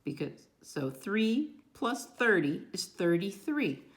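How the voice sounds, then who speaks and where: Speaking in a reverberant space, this medium-pitched woman teaches a class of young children. Her delivery bounces with a sing-song energy, and she slows to spell out words letter by letter.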